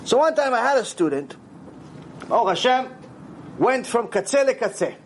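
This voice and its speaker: High-voiced rabbi, animated storyteller. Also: male voice, normal speed, slight background noise. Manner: animated storytelling, acts out dialogue, sprinkles Hebrew words. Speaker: rabbi teaching a Torah class. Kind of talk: lively Torah lecture.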